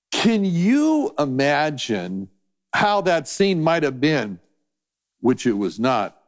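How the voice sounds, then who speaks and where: A middle-aged man, a Bible teacher, preaching a sermon in an animated, rambling storytelling manner. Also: on the high side.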